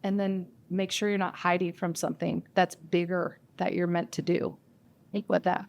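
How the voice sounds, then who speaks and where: A woman hosting a live panel speaks encouragingly to the audience. Her voice sits at a middle pitch. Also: level tone, moderate pace, creaky.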